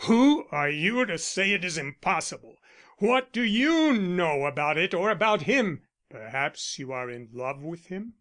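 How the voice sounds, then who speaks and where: Agitated young man, read by a male narrator, fierce and suspicious, highish voice. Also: animated, slow, fairly bright tone. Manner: agitated, accusing. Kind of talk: audiobook character reading.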